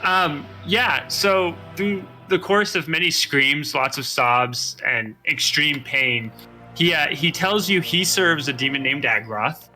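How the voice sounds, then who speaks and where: A man's voice: on the high side, slow, pushed and bright, faint music behind. A man narrating as game master, casually improvising descriptions with many fillers.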